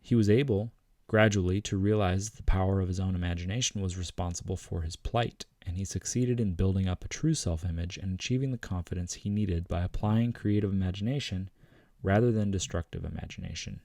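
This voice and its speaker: A man hosting a self-help channel, reading passages from a book in a measured, earnest way and adding his own commentary. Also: sits low, warm tone, no room sound, studio quality.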